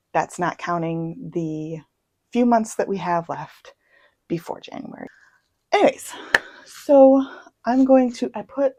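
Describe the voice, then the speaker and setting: A young woman chatting casually as a book vlogger, self-deprecating and full of quick asides. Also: deep voice, darkish tone, no room sound, low-quality recording. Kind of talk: casual chat. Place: home.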